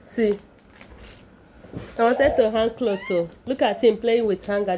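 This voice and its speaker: A woman's voice: medium pitch, slow, pauses often, mellow, a little hiss or hum. A young Nigerian woman vlogging at home, playful and laughing often as she coaxes her baby son. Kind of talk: casual home vlog talking to camera and her baby. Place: home, indoors.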